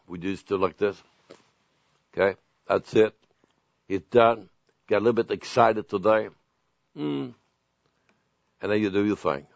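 Male TV preacher, slow and deliberate, dry, muffled broadcast sound. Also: mid-range voice, vocal fry, no room sound. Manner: emphatic, rhetorical questions, slow deliberate delivery. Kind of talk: televised sermon.

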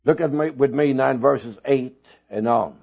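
A man preaching a sermon, telling his own testimony slowly and with emphatic bursts of loudness. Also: mid-range voice, vocal fry, slightly rough. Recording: dull lo-fi recording.

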